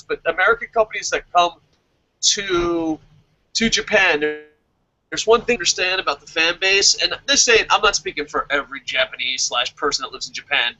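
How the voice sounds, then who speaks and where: A man co-hosting a wrestling podcast, talking excitedly in casual chat, swearing constantly and laughing often. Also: high-pitched, low-quality recording. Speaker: podcast co-host reviewing a wrestling show. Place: lives in Japan.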